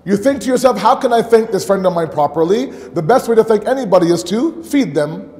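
A man delivers a sermon in an animated storytelling manner, acting out the conversations and throwing rhetorical questions at his listeners. His voice sits high for a man. The sound carries a long hall reverb, as in a mosque. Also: fairly quick. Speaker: preacher.

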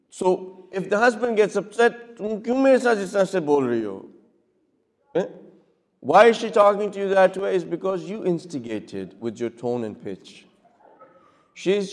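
A man teaching a class, asking the listeners questions and acting out short examples. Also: high-pitched. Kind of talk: classroom lecture. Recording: long hall reverb.

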